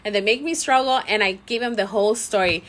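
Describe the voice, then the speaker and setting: A mother vlogging to camera, telling a story in a chatty, animated way with many fillers and frequent laughter. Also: mid-range voice, fast.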